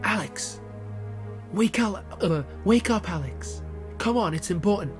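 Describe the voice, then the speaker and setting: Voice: medium pitch, fairly quick, fairly bright tone, soft background music, close to an everyday voice. A reader voicing a bossy older brother who talks in an urgent, commanding way.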